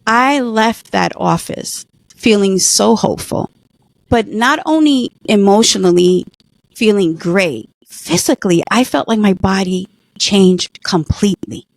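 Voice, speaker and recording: A middle-aged woman tells her own story with earnest feeling. Her voice sits at an ordinary pitch and the sound is dry and close. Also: a little slow, gravelly, no echo. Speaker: guest, former patient. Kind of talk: personal story in conversation.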